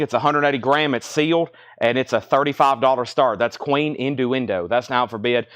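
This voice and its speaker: A man hosting a live record sale indoors, briskly listing titles and prices in a chatty auctioneer way, a little choked up. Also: medium pitch, fairly bright tone. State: slightly choked, coughing. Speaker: livestream record seller. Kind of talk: live sales stream.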